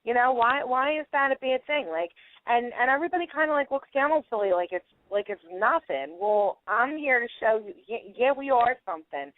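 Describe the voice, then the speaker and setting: A young adult woman with a Philadelphia accent, chatting as a guest on a radio interview, quick to laugh and full of "like" and "you know.". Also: fairly high pitch, animated, dry recording. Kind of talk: casual phone interview. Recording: tinny phone line, dry.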